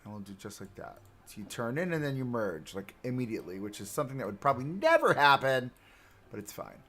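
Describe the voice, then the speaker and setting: Fast and very animated, this mid-range male voice has a sharp tone as he talks to his chat during a game build. The livestream commentary is casual and self-deprecating, with soft background music.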